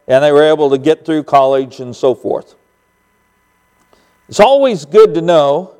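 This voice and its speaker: High-voiced preacher man, folksy and earnest. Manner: earnest, folksy and homespun, swinging between emphatic and hushed. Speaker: guest preacher. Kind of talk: sermon. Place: church.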